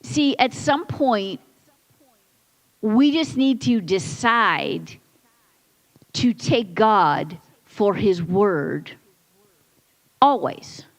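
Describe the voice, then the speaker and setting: A woman's voice: fairly high pitch, poor audio. A woman pastor preaching a conversational sermon in a church, building points through repetition and quoted asides. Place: church sanctuary.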